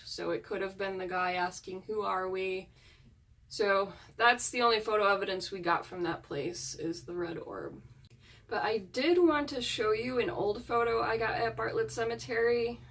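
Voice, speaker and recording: A paranormal investigator who hunts ghosts chats casually and earnestly with her viewers, using frequent fillers. Her mid-range voice has vocal fry, and she sits far from the mic.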